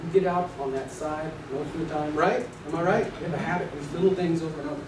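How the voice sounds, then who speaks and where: A man teaching a live class of real estate agents, playful and energetic, acting out little scenes and quizzing the audience. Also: on the high side, fast. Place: training room with an audience. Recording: echoey room, distant mic, noisy.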